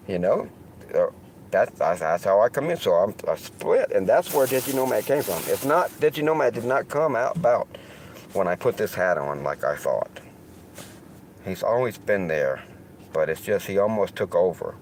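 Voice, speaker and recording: Deep-voiced Southern man, rambling and cussing. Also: very animated, moderate pace, darkish tone, a little hiss or hum, rough recording. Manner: rambling and heavily profane. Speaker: streamer host. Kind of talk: casual livestream monologue.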